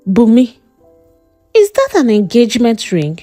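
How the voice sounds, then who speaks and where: A woman puts on a stern Nigerian church mother, a widow who lectures her daughter with mocking sarcasm and preacher-like verses. Her voice sits high and swings widely, slow and deliberate in a dry, close storybook narration. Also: huge pitch swings, mellow, dry recording, faint music behind, heavily acted. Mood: interrogating. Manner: mocking, sermon-like scolding.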